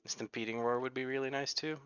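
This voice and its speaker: A man's voice: mid-range voice, fairly even intonation, brisk, a bit bright, smooth, no room sound, lo-fi sound. A man with an American accent, English not his first language, chatting casually through gameplay with rambling asides. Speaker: gaming video creator.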